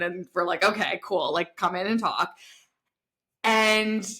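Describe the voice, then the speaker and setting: A woman co-hosting a podcast, telling stories in animated casual chat and laughing often. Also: on the low side. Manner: animated storyteller, quick laughs. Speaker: podcast co-host.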